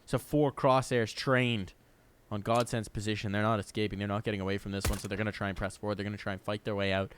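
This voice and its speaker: A man casting esports play-by-play, excitable and jokey with quick reactions. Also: on the low side, noisy background. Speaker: esports caster. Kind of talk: play-by-play commentary. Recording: game gunfire audible behind.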